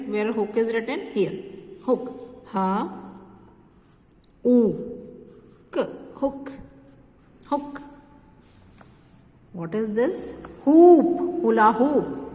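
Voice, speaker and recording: Slow teacher, echoey room. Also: female voice, fairly high pitch, darkish tone. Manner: slow, drawn-out word repetition, stretching vowels. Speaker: kindergarten English teacher. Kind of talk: phonics lesson for young children. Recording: echoey room with long reverb.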